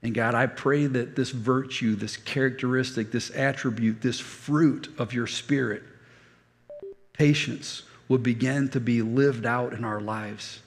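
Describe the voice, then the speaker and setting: A man's voice: medium pitch, fairly even intonation, a little slow, long reverb tail. An older man preaching a sermon as a pastor, telling stories and repeating key phrases for emphasis. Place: church hall.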